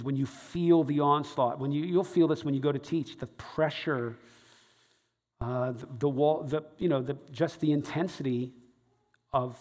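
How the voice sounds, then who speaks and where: Pastor, male, fairly high voice, animated storyteller preaching in a large echoing hall. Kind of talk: sermon storytelling.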